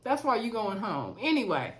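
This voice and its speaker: A woman's voice: fairly high pitch, big pitch swings, moderate pace. Chatty woman reviewing a reality show. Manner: chatty, addresses viewers as y'all, laughs often. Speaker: reality TV recap host. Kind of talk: casual episode review chat. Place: at home on her bed.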